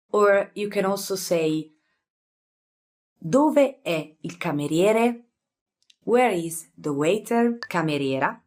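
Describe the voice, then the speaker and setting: A young Italian woman with an Italian accent teaching vocabulary in a relaxed, chatty way, repeating each word slowly and using many fillers. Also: fairly low pitch. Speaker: language teacher. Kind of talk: casual vocabulary lesson.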